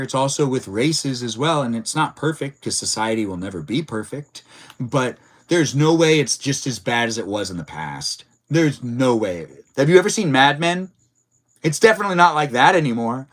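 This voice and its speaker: Rambling man chatting on a livestream. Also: mid-range voice. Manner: rambling, many filler words; reads and answers chat messages. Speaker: livestream host. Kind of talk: casual livestream chat.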